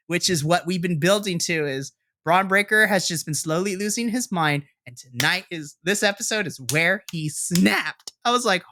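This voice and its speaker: Bright, excitable wrestling podcast host. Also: male voice, sits high, normal speed, a little hiss or hum. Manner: excitable storyteller, swears, acts out reactions. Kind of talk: casual wrestling recap.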